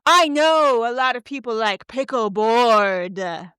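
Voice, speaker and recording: A woman's voice: lively intonation, slow, a bit bright, smooth, no room sound, clean studio sound. A woman mimicking a gushing, pushy woman fan. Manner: gushing, rambling, high-pitched.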